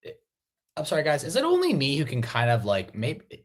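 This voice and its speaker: A husky-voiced host comments on a live stream in a casual way, hesitating and restarting often. Their pitch swings widely as they talk. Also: huge pitch swings. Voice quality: halting and rambling, full of fillers and restarts. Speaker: watch party host.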